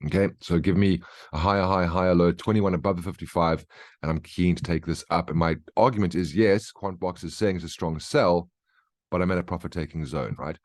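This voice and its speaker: Deep-voiced guy doing a chatty trading rundown, keeps asking "right?", dry close sound. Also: fairly even intonation, a little fast, no echo. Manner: conversational, keeps checking in with "right?" and "okay?". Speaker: trading educator. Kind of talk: market briefing over charts.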